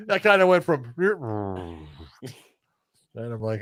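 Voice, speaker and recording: A man's voice: mid-range voice, unhurried, no room sound, clean studio sound. A man co-hosting a podcast, telling a story in casual chat, laughing as he talks and acting out the quotes. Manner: animated storyteller, laughs mid-sentence, acts out quotes. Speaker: podcast co-host.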